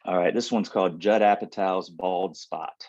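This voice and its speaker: A man with a very low voice reads his own poems aloud in a dry, unhurried way. He is on a video call, and the audio is dull and lo-fi. The room sound is close and dry, with no echo. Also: steady tone, darkish tone. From Ohio. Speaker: poet reading. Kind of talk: poetry reading.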